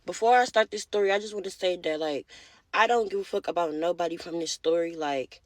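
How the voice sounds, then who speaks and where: A woman's voice: on the low side, no echo. A woman casually opening a storytime, blunt and unbothered.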